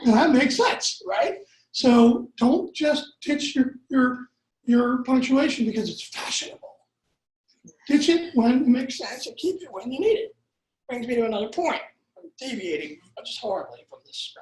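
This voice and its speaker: Very animated and moving at a moderate pace, a man with a high, light voice teaches copywriting to a live crowd. Jokes, side tangents and rhetorical questions fill his talk, and the echo suggests a seminar room.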